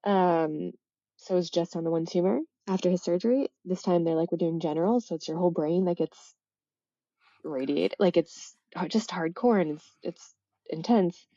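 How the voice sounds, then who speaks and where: A woman speaks as a podcast guest, reflective and halting, leaning on "like" as she restarts her thoughts. Her voice sits fairly low, with a dark, mellow tone. The recording is dry and a little dull, with no room sound. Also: dry recording. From United States. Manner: halting and reflective, with many "like" fillers and self-corrections. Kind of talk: candid personal storytelling in a casual interview.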